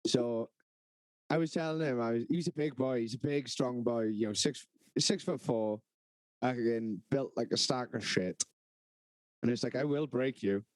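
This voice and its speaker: A man's voice: medium pitch, moderate pace, dry recording, low-quality recording. A man co-hosting a podcast, telling a festival story in casual, sweary, laughing banter. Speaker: podcast co-host.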